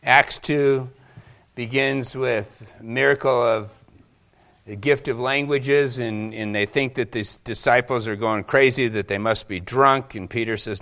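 A man's voice: mid-range voice, fairly even intonation, a little slow, fairly bright tone. Guy preaching, dramatic storytelling, does little voices for the quotes. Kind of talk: sermon.

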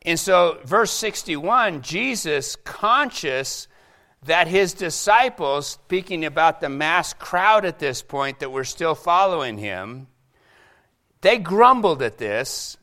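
Bright-voiced animated male preacher. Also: fairly high pitch, takes it slowly. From Seattle. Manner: animated, acts out quoted voices. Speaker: pastor. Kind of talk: sermon.

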